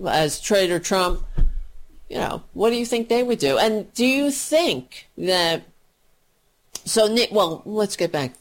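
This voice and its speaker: A woman giving a heated, profane political rant, full of sarcasm and mocking asides. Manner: mocking voices with pitch jumps.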